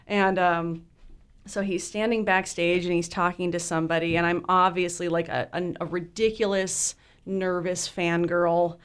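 Chatty woman telling a lively story. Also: on the low side, moderate pace, smooth. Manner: animated, laughing, acts out her teen self in squeals. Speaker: guest storyteller. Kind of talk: casual chat, telling a story.

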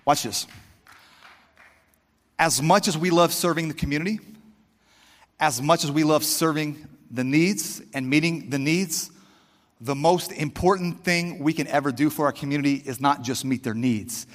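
A man with a high, bright-edged voice, preaching with fervour and speaking straight to his congregation. His words carry a long, ringing hall reverb, as in a church sanctuary. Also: moderate pace, long pauses. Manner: fervent, conversational, talks straight to the congregation. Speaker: pastor. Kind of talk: sermon.

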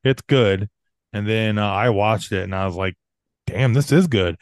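A laid-back podcast co-host, a man with a smooth, clear voice. He drops dry jokes and stalls on "uh" as he gathers his thoughts. The sound is close and dry. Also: on the low side, normal speed, dry recording. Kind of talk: casual chat.

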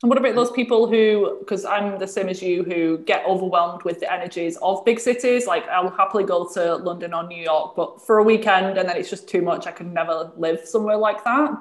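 A woman's voice: fairly low pitch, a little fast. Woman host in an echoey room. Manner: friendly, agreeing, asks questions. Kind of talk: casual interview talk.

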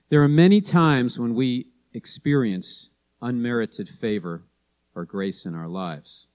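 A man's voice: mid-range voice, a little mellow. A middle-aged man delivers a sermon as a pastor. He talks casually and tells stories, slipping into the voices of the people he quotes. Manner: conversational storytelling, with anecdotes and acted-out quotes.

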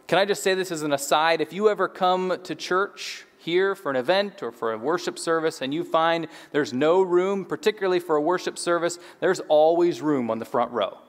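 A man with a high-pitched voice delivers a Sunday sermon as the church's pastor, moving between scripture reading and relaxed, joking asides. The sound carries the long reverb of a church hall. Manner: conversational with playful asides.

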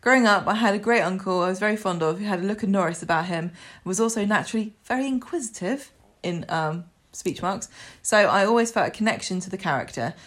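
A woman's voice: mid-range voice, fast, a bit bright. A woman co-hosting a podcast, reading listener emails aloud with chatty asides. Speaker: podcast co-host.

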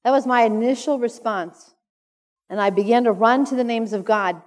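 A woman's voice: a little high, moderate pace. A middle-aged woman speaking at a conference, telling a personal story in an earnest, emotional way. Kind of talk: personal testimony talk. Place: conference hall. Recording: echoey hall reverb.

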